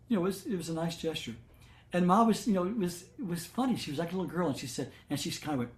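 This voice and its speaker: An older man with a slightly high voice tells devotional stories to a gathering. He speaks gently and unhurriedly, pausing on fillers and starting sentences again. The sound has the echo of a roomy space. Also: lively intonation. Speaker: satsang leader. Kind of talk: devotional storytelling talk.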